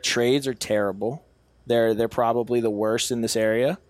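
A man's voice: mid-range voice, fairly even intonation, normal speed, no room sound. A young man talking as a podcast guest about his business, earnest and self-assured, often restarting his phrases. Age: young adult. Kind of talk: casual podcast chat.

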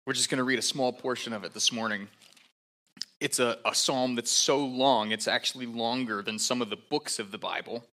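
A man, a pastor, giving a relaxed, conversational sermon with frequent fillers and asides. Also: medium pitch.

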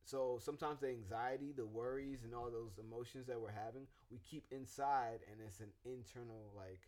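A man co-hosting a casual podcast on relationships, explaining ideas in a playful, animated way into a studio microphone. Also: mid-range voice, moderate pace. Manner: animated, playful, jokes with silly voices. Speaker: podcast co-host. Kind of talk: casual relationship advice chat.

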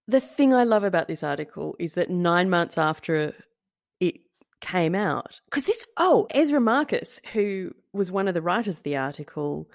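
A woman co-hosting a chatty podcast, her voice sitting on the lower side for a woman. She tells her story with relish, gleeful and animated, swearing now and then. The sound is dry and close, with no room echo. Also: moderate pace, creaky. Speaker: podcast co-host. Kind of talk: casual chat.

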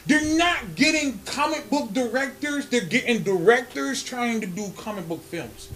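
A man co-hosting a podcast, talking loudly and excitedly, swearing freely and laughing often in casual chat. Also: very high voice, moderate pace, hardly any pauses. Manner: loud, animated, swears a lot, laughs often. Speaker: podcast co-host.

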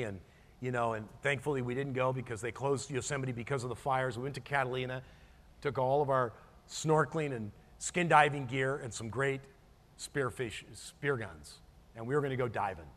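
A man's voice: mid-range voice, a bit bright, big-room sound. A middle-aged man preaching a sermon as pastor, earnest and storytelling, often restarting and repeating words.

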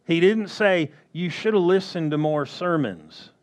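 A man preaching a sermon slowly and emphatically, often asking the congregation questions. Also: on the high side.

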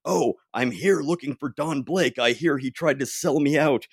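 A man's voice: fairly high pitch, moderate pace, gravelly, breathy edge, dry recording, studio quality, pitched above the performer's own voice. A man voicing a boastful, hammy male thunder-god hero in a comic-book recap. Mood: bluff. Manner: hammy, exclaiming.

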